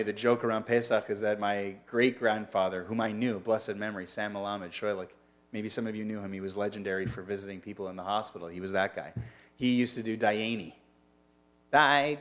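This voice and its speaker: A man teaching as a rabbi in a casual online lunch-and-learn, chatty and digressive, often asking his listeners questions. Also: on the low side.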